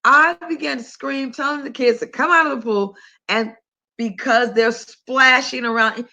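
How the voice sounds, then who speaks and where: An older woman hosting a health talk, telling a story in a chatty, animated, conversational way. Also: high voice, measured pace. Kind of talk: casual monologue to listeners.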